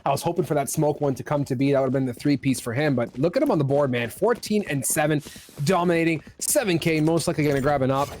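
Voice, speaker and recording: A man doing live esports color commentary, steady and analytical with bursts of excitement on big plays. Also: on the high side, fast, slight background noise.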